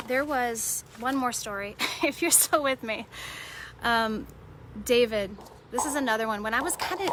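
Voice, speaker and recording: A woman with a fairly high voice preaches a devotional sermon. She is earnest and drives her points home by repeating short rhyming phrases. A faint hiss of noise sits under the voice. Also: a bit bright. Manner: earnest, repeats phrases for emphasis, uses rhymes.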